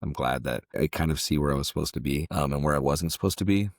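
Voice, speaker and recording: A man, a podcast guest who runs a jiu-jitsu gym, recounting a personal story in a halting way, often repeating his words. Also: extremely low pitch, no room sound, studio quality.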